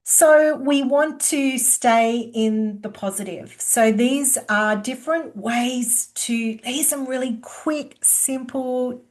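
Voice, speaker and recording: A woman presenting a workplace skills webinar, teaching in a lively way and acting out quoted lines of dialogue. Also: high-pitched, takes it slowly, hardly any pauses.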